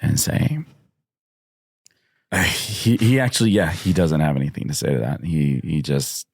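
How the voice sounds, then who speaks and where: A man playing a tabletop game, describing his character's actions in quick, halting bursts. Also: a bass voice, very animated, creaky, a little mellow, no room sound, studio quality. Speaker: player. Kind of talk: tabletop role-play.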